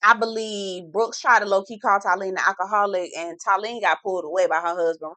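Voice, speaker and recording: Female vlogger, bright and punchy, dramatic gossip recapper with slangy asides, dry close sound. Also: medium pitch, steady tone, a little fast, no echo. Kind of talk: casual gossipy episode recap.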